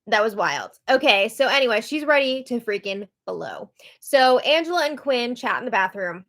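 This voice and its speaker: A woman's voice: a little high, expressive, moderate pace, a bit bright. Chatty woman hosting a live recap. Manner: chatty, with frequent "like". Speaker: show recap host.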